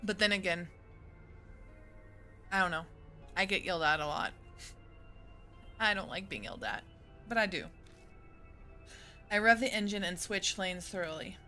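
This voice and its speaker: Bright-voiced woman streamer, rambling playfully. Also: mid-range voice, animated, moderate pace, pauses often, faint music behind. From United States. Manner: playful and rambling, laughs often. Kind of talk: gaming stream, reading a visual novel aloud.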